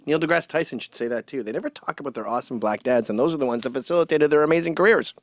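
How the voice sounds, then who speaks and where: A man's voice: a little high, racing, hardly any pauses, no room sound. A man hosting a comedic commentary, ranting in a sarcastic, mocking way. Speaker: host and commentator.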